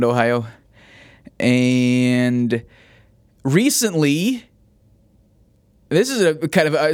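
A man's voice: medium pitch, clear, resonant tone, no echo, clean studio sound. A man hosting his own one-man sports talk show, rambling in a glib, profane way with lots of false starts. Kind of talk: casual solo podcast monologue.

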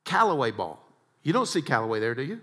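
Male speaker, inspirational storytelling, animated, mid-pitched, moves between quiet and loud. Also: fast talker.

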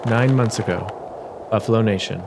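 A man giving a measured, dramatic reading as the narrator of his own audio adventure story, in a noisy home recording. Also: fairly low pitch. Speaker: storyteller and writer.

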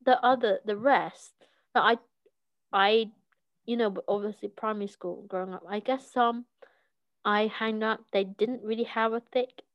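A woman's voice: medium pitch, fairly even intonation, measured pace, no room sound, lo-fi sound. A young woman from South London with a British accent, chatting casually and animatedly, often restarting her sentences. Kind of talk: casual chat.

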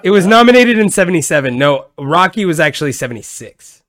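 A man's voice: fairly high pitch, big pitch swings, fast talker, fairly bright tone. A man hosting a podcast in casual chat, laughing often and swearing freely. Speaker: podcast host.

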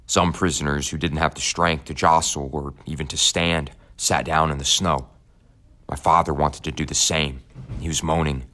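A man with an extremely deep voice reads a first-person audiobook. His telling is measured and somber, unhurried and steady. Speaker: audiobook narrator. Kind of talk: scripted audiobook narration.

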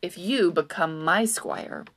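A woman's voice: on the low side, takes it slowly. A woman voicing a deluded old knight in a storybook reading, declaiming in lofty, old-fashioned speech. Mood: grand.

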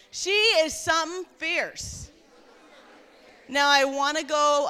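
Preaching with fervor at a women's conference, a Newfoundland-accented woman pastor exhorts her audience in a large room. Her voice sits high, with a sharp, clear and resonant tone.

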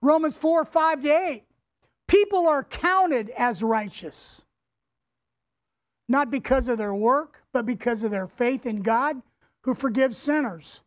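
High-voiced, slow-preaching male pastor. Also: animated. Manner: emphatic, repeats key words and has the church say them back; addresses the congregation directly. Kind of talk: sermon.

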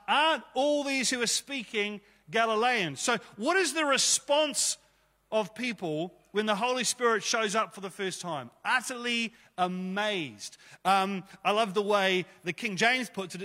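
A man's voice: high-pitched, pushed and bright, big-room sound. A man preaching a sermon to his church, conversational and emphatic, with rhetorical questions. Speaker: pastor.

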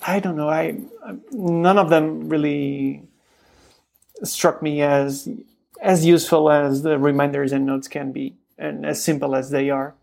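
A podcast co-host in their thirties in casual tech chat, often pausing and repeating words while thinking. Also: medium pitch, level tone, creaky, a little mellow. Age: 30s.

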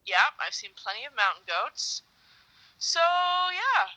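A woman being interviewed about cycling across the country, telling her stories in a lively, animated way with sudden high-pitched bursts. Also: takes it slowly, poor audio. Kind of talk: casual phone-style interview chat.

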